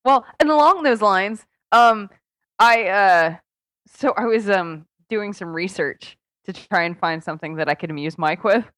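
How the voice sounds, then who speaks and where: A young woman co-hosting a casual comedy podcast over a Skype call, talking loudly and laughing often. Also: medium pitch, a little slow, dry recording. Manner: loud, excitable, laughs often. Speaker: podcast co-host.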